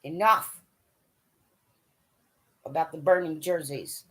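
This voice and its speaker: A woman's voice: deep voice, takes it slowly, fairly bright tone, husky. A woman hockey fan giving a blunt, profane, scolding rant straight to camera. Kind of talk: ranting monologue to camera.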